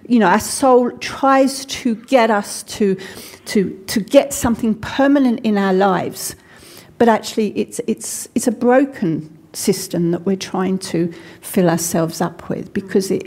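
A woman's voice: mid-range voice, a little mellow. An English woman preaching a sermon in a church, talking conversationally with personal stories and frequent restarts. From England.

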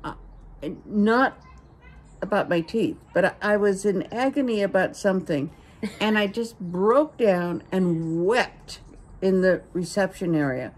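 An older woman in a casual family conversation, telling a story slowly and gently. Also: medium pitch, rough recording. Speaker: guest, the host's mother.

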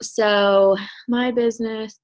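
A woman coach leading a video call, chatty and energetic, rambling with fillers. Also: fairly high pitch, slow. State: out of breath. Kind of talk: casual call chat. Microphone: computer mic on a video call.

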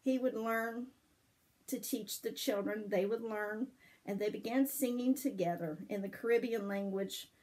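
An older woman with a breathy, husky voice speaks gently and affectionately to children she loves. She tells a story and a devotional, and her voice sits a little high. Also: unhurried, low-quality recording. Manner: gentle, affectionate, sings softly. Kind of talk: bedtime-style story and devotional for grandchildren.

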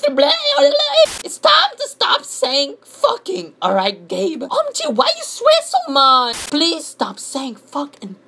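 A young man putting on a shrill whiny scold. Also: wildly swooping pitch, takes it slowly, creaky, few pauses, bright, forceful tone, slight background noise, full character voice. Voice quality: shrill and whining. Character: whiny scolding internet commenter, shrill and childish.

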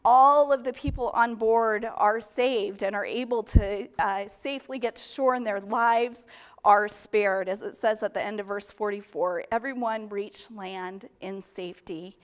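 A woman pastor delivers a sermon in a fairly high voice. She speaks earnestly, repeating her main point and slowing down to press the key phrases home. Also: clear, resonant tone. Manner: earnest, emphatic repetition with slow stresses.

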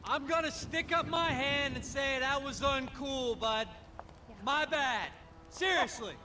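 A mellow stoner tennis coach. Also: male voice, very high-pitched, slow, faint music behind, exaggerated voice. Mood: placating. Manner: mellow, surfer-ish, calls everyone bud. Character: laid-back male tennis coach, stoner type.

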